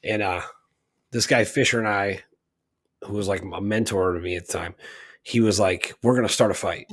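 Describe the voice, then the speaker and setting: A man's voice: lowish voice, steady tone, normal speed. A man co-hosting a talk radio show, telling long rambling stories that turn heated. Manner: rambling storytelling with heated bursts. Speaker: co-host. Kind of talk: casual talk radio chat.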